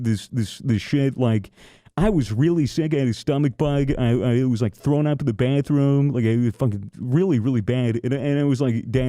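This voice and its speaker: A young podcast host tells a story with casual swearing and constant restarts. His voice is very dark and mellow. The sound is dry and close. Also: medium pitch, no room sound. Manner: profane, rambling, with frequent restarts.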